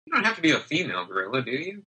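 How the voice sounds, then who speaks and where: A man narrating a tabletop game as game master, with halting, filler-heavy delivery. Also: a little high, big pitch swings, bright, forceful tone, breathy edge, rough recording.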